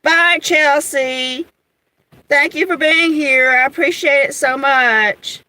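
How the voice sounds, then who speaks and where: A woman's voice: sits high, slow, bright, forceful tone, no echo, rough recording. A middle-aged woman hosting a livestream, chatting casually, telling stories about home life and greeting viewers by name between laughs. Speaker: livestream host.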